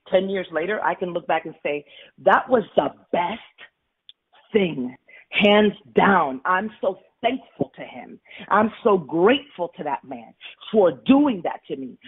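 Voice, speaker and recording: Her mid-range voice swings widely in pitch, moving at a moderate pace with a breathy edge. Calling in to a radio interview, this money coach tells her personal story candidly and emphatically amid tumbling restarts.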